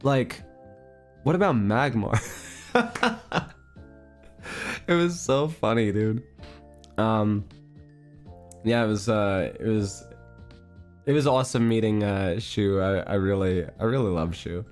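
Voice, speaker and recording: A man's voice: on the low side, animated, slow, pauses often, smooth, soft background music. A man streamer telling a story in a casual chat stream. He rambles, fills his talk with fillers, and giggles often.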